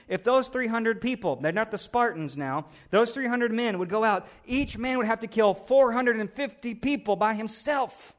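High-voiced man preaching a conversational sermon. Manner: conversational, animated storytelling. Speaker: pastor.

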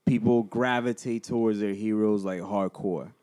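A man's voice: on the low side, steady tone, normal speed, dark tone. A man co-hosting a podcast, rambling casually with lots of "like" and "you know" and loose swearing. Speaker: podcast co-host. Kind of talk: casual chat.

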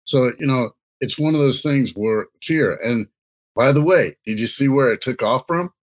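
Man, casual co-host, rambling, joking, mid pitch. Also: animated, normal speed. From Louisiana. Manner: laid-back, rambling, joking. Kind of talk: casual chat. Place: Nebraska.

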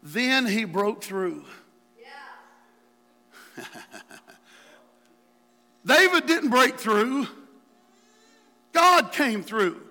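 A man preaching in a high, bright, ringing voice that swings between hushed pleading and fiery outbursts. His sermon rolls through a large church hall with a long reverb trailing each phrase. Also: sing-song, extremely slow, pauses often. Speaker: pastor.

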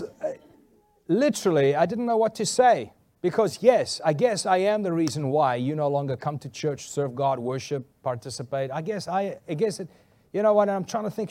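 A male pastor telling a funny story in a sermon, animated and laughing often. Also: fairly high pitch.

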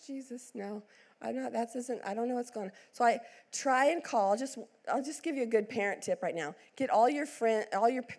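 A woman's voice: mid-range voice, a little mellow. A middle-aged woman pastor telling a personal story in a sermon, acting out the quotes with big swings in her voice.

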